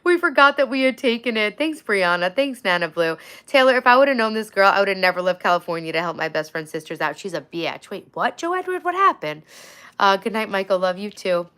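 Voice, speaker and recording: A woman's voice: mid-range voice, big pitch swings, a little fast, fairly bright tone, clear, resonant tone. Woman, forties, casual livestream host, chatty and friendly with viewers, home setup. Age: 40s. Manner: chatty, thanks viewers by name.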